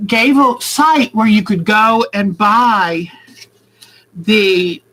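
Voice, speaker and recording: Slow, chatty woman vlogging her quilting. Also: mid-range voice, a bit bright, rough recording. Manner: chatty, rambling, thinks aloud. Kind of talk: casual craft demonstration.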